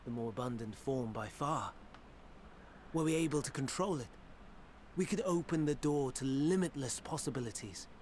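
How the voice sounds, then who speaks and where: An actor playing a scholarly male sage in a fantasy game, explaining in formal, archaic, measured speech. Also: mid-range voice, a little mellow, a little hiss or hum, lightly acted. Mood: calm lecturing. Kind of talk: game cutscene voice acting.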